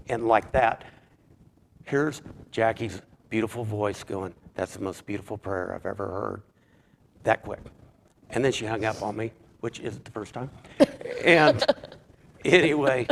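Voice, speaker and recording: A man telling his personal testimony in a halting way, stumbling over words and repeating them as he searches for what to say. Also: medium pitch, slight background noise. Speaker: church member giving a testimony.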